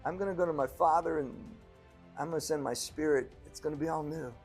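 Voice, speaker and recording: A man doing a calm, reassuring teacher. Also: fairly high pitch, fast, creaky, faint music behind. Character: calm risen teacher consoling a grieving follower.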